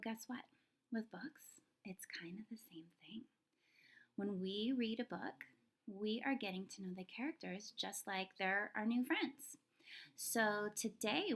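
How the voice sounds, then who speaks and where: A woman teacher leads a reading lesson for young children. She thinks aloud in a chatty, friendly way and keeps asking the class questions. Her voice sits at an average pitch. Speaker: elementary school teacher. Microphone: recorded lesson video.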